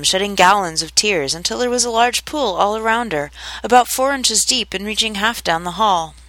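A woman reading a classic children's story aloud as narrator, measured and expressive. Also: lowish voice, dry recording. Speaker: audiobook narrator.

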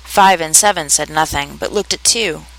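A reader giving a measured, expressive narration of a children's story. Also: mid-range voice, creaky, low-quality recording.

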